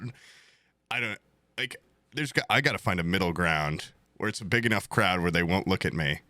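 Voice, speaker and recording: A man's voice: deep voice, moderate pace, no room sound, studio quality. A young man co-hosting a podcast, chatting casually and acting out stories with exaggerated quoted voices. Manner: animated storyteller, acts out quotes in exaggerated voices. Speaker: podcast co-host. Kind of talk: casual chat.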